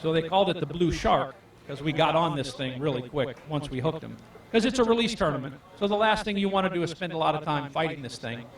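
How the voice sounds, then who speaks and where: Male fishing guide, raised voice, lively live storyteller who acts out the lines; roomy, distant pickup. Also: a little high, fast. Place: event hall. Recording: echoey room, far from the mic.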